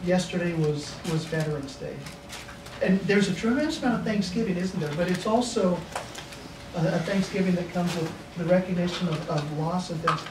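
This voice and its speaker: A man's voice: high-pitched, moderate pace. A middle-aged man and pastor telling homespun stories at a seminar, often chuckling as he goes. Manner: folksy, chuckling storyteller. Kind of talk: storytelling seminar talk. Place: seminar room. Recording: echoey room from a distance, noisy.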